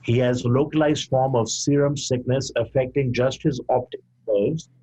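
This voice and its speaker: An older Indian man, a physician appearing as a podcast guest, tells his story slowly and with care. His breathy, husky voice is mid-pitched, steady and mellow, and he acts out quoted dialogue, giving each speaker a distinct voice.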